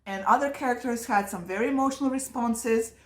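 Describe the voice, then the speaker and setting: A woman's voice: a little high, fairly quick. A woman co-hosting a casual book chat, enthusiastic, laughing often and swearing freely. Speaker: booktuber co-host. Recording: echoey room.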